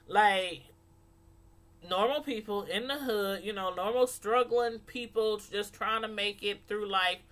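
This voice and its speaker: A woman speaking African American Vernacular English, chatting casually to camera as a reviewer, animated and laughing often as she acts out voices. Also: medium pitch. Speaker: YouTube reality-show reviewer.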